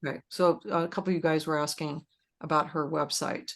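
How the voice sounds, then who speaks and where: A woman's voice: low voice, fairly even intonation, brisk, vocal fry. A woman hosting a support group session, chatting casually, rambling with frequent fillers and restarts.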